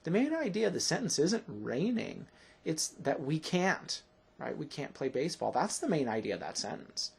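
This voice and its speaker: A middle-aged man gives a classroom grammar lesson. His voice is gravelly and a little husky. He explains step by step and keeps checking in with his listeners. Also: a little high, very animated, normal speed, a little mellow. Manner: explanatory, often checking with "right?". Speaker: teacher.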